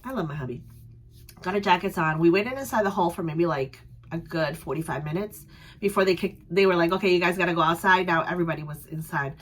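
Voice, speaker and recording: A woman's voice: fairly low pitch, a little fast, husky. Chatty young woman vlogger. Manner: animated, chatty, laughs often. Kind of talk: casual storytelling.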